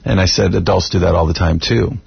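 Middle-aged male Bible teacher, very low raspy voice, earnest radio guest, dull recording. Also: dry recording. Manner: earnest, measured, quotes scripture. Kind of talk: radio talk show conversation.

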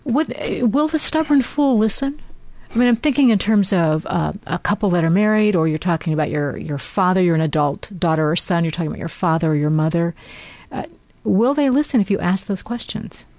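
A woman co-hosting a faith podcast, asking measured, thoughtful questions. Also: fairly low pitch, expressive, darkish tone, no echo. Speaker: podcast co-host.

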